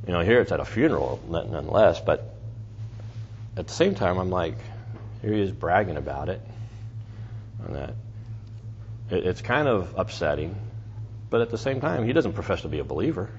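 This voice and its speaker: A man's voice: sits low, big pitch swings, moderate pace, pauses often, darkish tone. A man teaching through a Bible passage in a conversational way, with restarts and asides. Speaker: preacher. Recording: dull lo-fi recording with faint noise.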